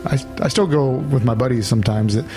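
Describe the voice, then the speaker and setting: A man's voice: mid-range voice, fast talker, over music. A man co-hosting a podcast in casual chat, laughing often and rambling with restarts. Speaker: podcast co-host.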